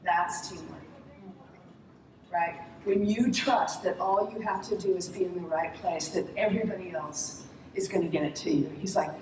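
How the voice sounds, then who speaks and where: A middle-aged woman answering questions on a conference stage, telling lively anecdotes and laughing often. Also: fairly low pitch, normal speed. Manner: animated, acts out voices in anecdotes, laughs often. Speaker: interview guest, former talent executive. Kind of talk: conference Q&A storytelling. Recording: echoey hall, distant mic, noisy.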